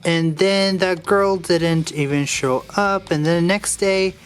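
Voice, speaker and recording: A man's voice: high-pitched, fairly even intonation, slow. A man casually walking through a Lego build step by step, drifting off into a rambling personal story and restarting his sentences as he goes.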